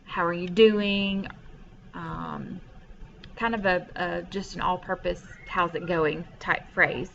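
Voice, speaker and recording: A woman's voice: lowish voice, steady tone, slow, gravelly, muffled recording, a little hiss or hum. A woman teaching French vocabulary from home, explaining patiently step by step with frequent ums. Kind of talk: recorded classroom lesson over a screen share.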